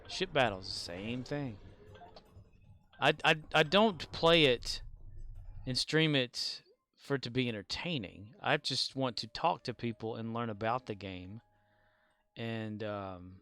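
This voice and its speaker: A man's voice: mid-range voice, slow pace, fairly bright tone. Rambling self-deprecating male streamer. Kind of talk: casual chat while gaming.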